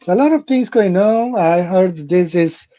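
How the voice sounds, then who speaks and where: A man's voice: high-pitched, animated, moderate pace, dark tone, dry recording. A man hosting a live stream, talking casually and rambling, repeating phrases and greeting viewers directly, on a muffled lo-fi recording. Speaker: livestream host. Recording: muffled lo-fi audio.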